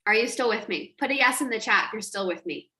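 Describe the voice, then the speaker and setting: A woman coach telling an animated story on a live stream, acting out quotes and laughing often. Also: fairly high pitch, fast talker, reverberant. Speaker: online business coach.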